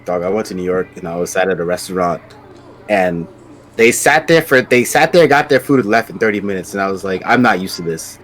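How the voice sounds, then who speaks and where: A man from Maryland hosting his stream, telling stories in a relaxed, animated way. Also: low-pitched, brisk. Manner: animated storyteller, laughs loudly. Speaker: streamer host. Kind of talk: casual chat.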